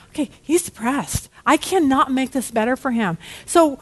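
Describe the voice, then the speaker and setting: A woman's voice: high voice, normal speed, few pauses, husky. A middle-aged woman leading a Bible study, talking candidly and casually, often checking in with "okay?". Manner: candid and animated, peppered with "okay?". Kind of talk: casual teaching talk.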